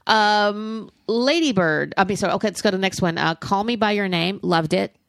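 A woman's voice: mid-range voice, normal speed, vocal fry, a bit bright, no room sound, clean studio sound. A middle-aged woman in casual chat, giving candid, profane opinions on films with frequent restarts. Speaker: podcast co-host reviewing films.

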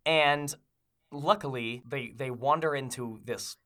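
A man co-hosting a comedy podcast, hoarse from a cold, chatting in a jokey way and laughing often. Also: medium pitch, slow pace, pushed and bright. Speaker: podcast co-host. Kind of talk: casual comedic chat.

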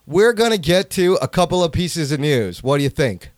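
Animated, swearing podcast co-host man. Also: fairly high pitch, normal speed. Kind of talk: casual podcast chat.

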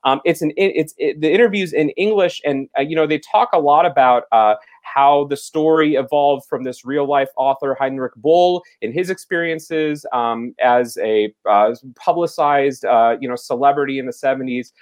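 A man co-hosting a podcast, reviewing a film in rambling, halting casual talk full of fillers and restarts. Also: a little high. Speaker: podcast co-host reviewing films.

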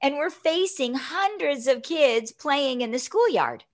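This fifties-aged guest speaks a little slowly in a high-sitting voice. Her personal anecdote comes out animated and chatty, punctuated often by a checking-in "right?".

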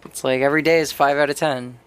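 Full of laughter, this young podcast co-host tells stories in casual chat, giggly and animated throughout. Her voice rumbles low, clear and resonant, and she talks fast.

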